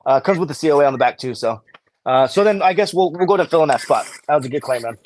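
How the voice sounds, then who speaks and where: A man talks fast, and his pitch swings widely while he pitches comic books on a live stream. He laughs easily and swears in passing. His voice sits a little high. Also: expressive, a little mellow, a little hiss or hum. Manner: laughs often, swears casually. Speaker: comic book claim sale host. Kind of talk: casual live-stream banter and sales.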